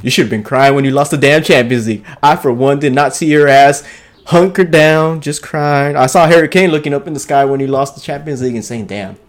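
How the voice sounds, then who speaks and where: A man's voice: a little high, fairly quick. A man co-hosting a soccer podcast, giving profane, mocking rants and laughing at his own jokes. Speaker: podcast co-host. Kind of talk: casual soccer banter.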